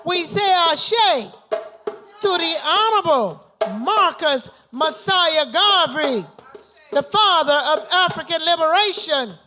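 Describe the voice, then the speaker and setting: A woman leading a libation ceremony, chanting invocations and repeated call-and-response refrains. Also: high voice. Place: gathering at an institution.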